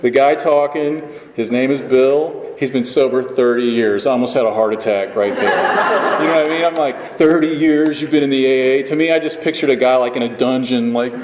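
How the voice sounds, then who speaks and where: A man's voice: medium pitch, moderate pace. A man speaking at a recovery meeting, telling his story in a rambling, self-mocking way and often asking "you know what I mean". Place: meeting hall. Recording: echoey hall with background noise.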